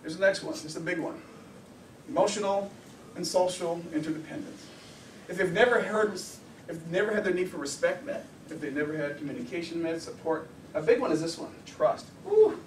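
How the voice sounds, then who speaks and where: A high-pitched man gives a workshop lecture as a counselor, lively and full of rhetorical questions. His voice rings through an echoey room, picked up by a mic set some way off, with a faint hiss beneath. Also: brisk, far from the mic. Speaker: anger management counselor.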